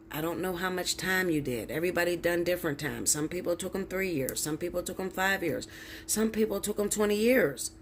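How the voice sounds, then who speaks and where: Against slight background noise, a lowish-voiced woman who reads tarot rants straight into the camera. Her tone is blunt, emphatic and preachy, and she swears a lot.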